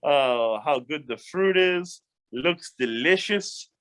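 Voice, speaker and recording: A man voicing a woman who admires a fruit in a dreamy, drawn-out way. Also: fairly high pitch, lively intonation, fairly bright tone, clean tone. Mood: admiring.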